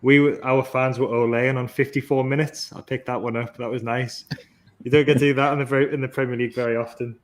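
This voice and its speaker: A man hosting a football podcast, talking through the match in a measured, analytical and enthusiastic way. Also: mid-range voice, flat delivery. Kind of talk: casual football podcast chat.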